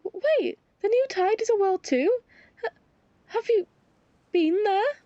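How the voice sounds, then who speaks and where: A woman's voice: very high-pitched, a little slow, dark tone, no echo, voice pushed up. Woman doing a nervous, stammering young girl. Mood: startled. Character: anxious young woman searching for her brother. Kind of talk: fan voice-over of a game scene. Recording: dull lo-fi with faint music.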